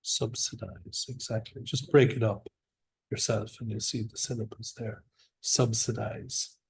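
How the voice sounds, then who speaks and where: A man's voice: lowish voice, little pitch movement, moderate pace, a little mellow. A man teaching a classroom vocabulary lesson, encouraging his students and drilling the words aloud with them. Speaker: English teacher.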